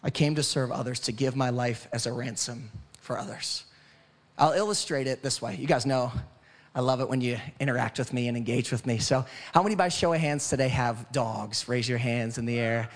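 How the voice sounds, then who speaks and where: A man's voice: medium pitch, a little fast. A male pastor preaching a sermon in a church, building rhythmic lists and asking the congregation questions.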